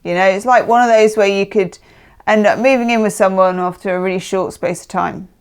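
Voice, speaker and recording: A chatty woman reads tarot cards in a casual monologue. Her voice sits at an ordinary pitch. She talks emphatically and keeps checking in with the listener. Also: brisk, smooth. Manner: chatty, emphatic, often adds "okay?". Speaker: tarot reader.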